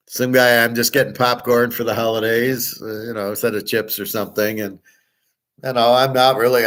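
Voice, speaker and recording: An older man talks in a loose, rambling monologue as the host of his own show. He is blunt and swears freely, firing off rhetorical questions in a mid-pitched voice. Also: fairly bright tone. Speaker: sports betting and gold commentary host.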